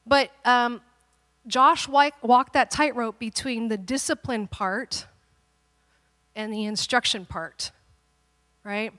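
Woman pastor, 30s, bright storyteller from the pulpit, lively and a little self-mocking. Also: a little high, takes it slowly, long reverb tail. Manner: animated, dramatic storytelling with playful asides. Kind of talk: sermon storytelling.

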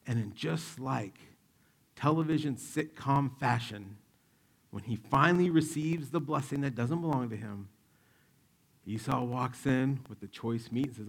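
A man's voice: mid-range voice, a little slow, vocal fry. A male pastor preaching a sermon, retelling a Bible story in a casual, joking way and acting out the quotes.

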